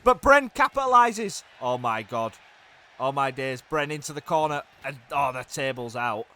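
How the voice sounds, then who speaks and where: A young man giving excitable play-by-play commentary on a wrestling video game, swinging from hushed groans to loud shouts. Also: medium pitch, moderate pace.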